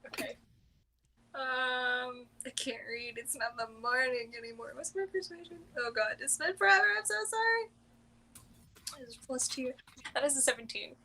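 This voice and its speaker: Bright-voiced woman player, flustered. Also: sits high, measured pace. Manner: flustered, giggly. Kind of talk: casual tabletop play.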